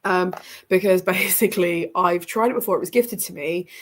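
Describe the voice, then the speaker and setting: A young woman talks casually on a home reading stream, her voice stuffy and congested. She rambles along with frequent ums and little laughs, her pitch sitting a touch low for a woman. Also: moderate pace. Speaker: reading livestream host. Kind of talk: casual livestream chat. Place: home room with bookshelves behind her.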